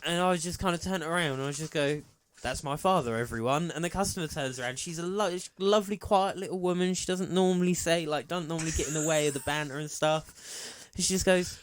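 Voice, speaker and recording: A man's voice: a little high, fairly even intonation, fast talker, hardly any pauses, smooth. A young man, co-hosting a podcast in casual joking banter, teasing his father. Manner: joking, teasing, laughs often. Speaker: podcast co-host.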